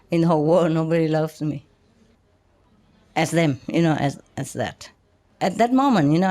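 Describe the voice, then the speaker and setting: An older woman giving an informal spiritual talk in simple, halting English, chatty and often laughing. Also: sits low, darkish tone. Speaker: spiritual teacher.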